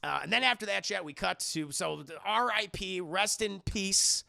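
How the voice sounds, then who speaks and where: A man's voice: high-pitched, a little fast, creaky, dry recording. A man casually recapping a film on a live stream, swearing freely and talking to his chat. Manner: profane, animated, addresses chat.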